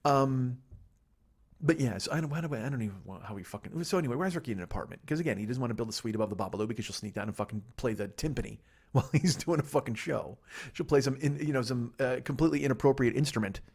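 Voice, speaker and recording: A man rattles off a rapid, rambling comedy rant, swearing freely and staying sarcastic throughout. He talks from a table in a mid-range voice. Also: mid-range voice, darkish tone, breathy edge. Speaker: podcast host. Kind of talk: solo comedy podcast rant. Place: seated at a table.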